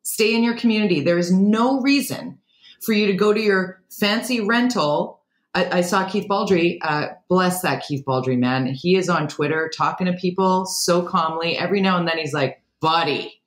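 A woman co-hosting a current-events podcast, blunt and animated in her opinions. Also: on the low side, normal speed, reverberant. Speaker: podcast co-host. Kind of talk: casual current-affairs chat.

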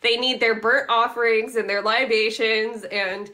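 Podcast co-host, woman, bright sharp voice, quick chatty remarks. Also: fairly high pitch, steady tone. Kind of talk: casual podcast chat.

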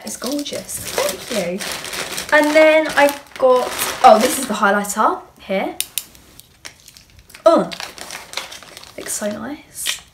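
A woman's voice: sits high, lively intonation, slow pace, long pauses. A young woman chatting through an unboxing as a beauty vlogger, bubbly and rambling as she gushes. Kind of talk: casual unboxing chat. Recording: clear background noise with clicks.

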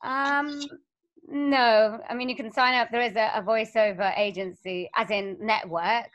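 A woman's voice: a little high, steady tone, unhurried, fairly bright tone, lo-fi sound. Upbeat, chatty woman from Wales. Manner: chatty, upbeat, laughs often. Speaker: voiceover artist and singer, guest. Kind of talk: casual interview chat.

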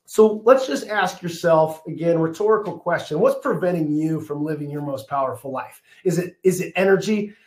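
A man in his thirties giving a passionate, fast, emphatic webinar presentation from his office, his voice a bit strained. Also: fairly high pitch, lively intonation, a little mellow, reverberant. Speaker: functional medicine practitioner presenting a webinar.

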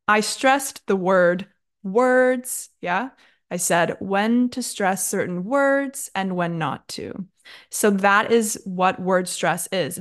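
A young woman teaching an online English lesson in a chatty, clear and encouraging way, with casual filler words. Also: mid-range voice.

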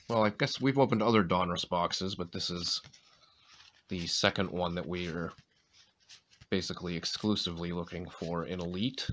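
A man's voice: low voice, a bit bright, a little hiss or hum. A man from Maine with a light New England accent and a slight sore throat, casually calling out player names as he opens packs of cards. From Maine, USA. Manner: reads off player names between chatty asides. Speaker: card-opening channel host. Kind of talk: casual pack-opening commentary.

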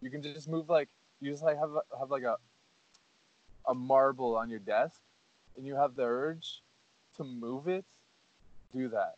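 A podcast host with a medium-pitched voice speaks unhurriedly, with long pauses, on a casual podcast. He talks earnestly but ramblingly, using lots of "like" and "you know". The recording is dry and sounds dull and lo-fi.

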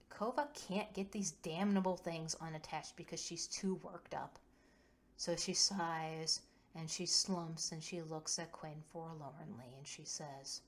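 A woman's voice: lowish voice, a little slow. A woman narrating a tabletop game story in an earnest, detailed way.

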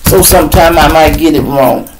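A man's voice: on the high side, fairly even intonation, moderate pace, a little hiss or hum, poor audio. Profane, rambling Chicago man in his fifties. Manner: profane, rambling storytelling with bursts of mimicked shouting. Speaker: live show host. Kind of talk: casual live-stream monologue.

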